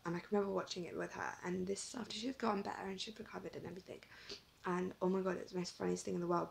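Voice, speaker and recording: Young woman rambling to her camera, bit of vocal fry, giggles a lot. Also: fairly low pitch, poor audio. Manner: chatty, giggly, lots of "like". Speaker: vlogger. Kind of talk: casual storytelling to camera.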